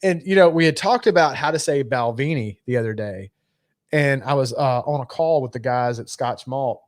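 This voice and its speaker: A man co-hosting a podcast chats casually, rambling in a laid-back way with lots of fillers and swearing. His voice sits in the mid range at a normal speed, recorded clean in a studio with no room sound.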